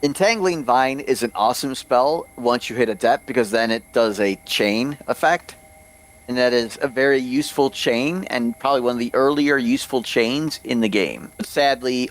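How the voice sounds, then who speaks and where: A man playing a tabletop game, explaining plans and rules in a measured way. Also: medium pitch, animated. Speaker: player.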